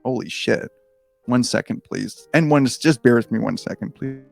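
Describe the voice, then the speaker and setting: A man's voice: medium pitch, moderate pace, creaky, a little mellow, no echo, faint music behind. A man reading a gamebook aloud on a close microphone, breaking off into rambling, swearing, self-deprecating asides. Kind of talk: casual reading with rambling commentary.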